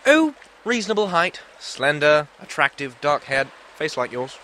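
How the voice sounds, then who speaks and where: A man's voice: a little high, normal speed. A man playing a jaunty badger-headed adventurer. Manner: joking, breezy, lively. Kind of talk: comedy audio drama. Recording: noisy background.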